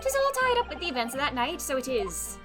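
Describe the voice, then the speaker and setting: A woman's voice: high voice, sing-song, quick pace. A woman doing a chatty old man with an Irish brogue. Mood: folksy, chatty. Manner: colloquial, storytelling lilt. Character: jovial older man with a folksy Irish brogue. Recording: game music playing behind.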